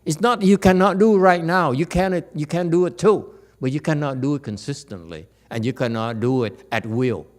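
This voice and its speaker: Animated man giving a dharma talk. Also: on the high side, moderate pace, few pauses. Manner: animated, teasing, asks the audience often. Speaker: Buddhist teacher. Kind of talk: dharma lecture. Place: temple lecture hall.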